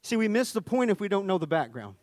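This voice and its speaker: A man's voice: high voice, very animated, quick pace, darkish tone, no echo. A man preaching a sermon in a conversational teaching manner, often starting with "see" and restarting phrases as he explains word meanings.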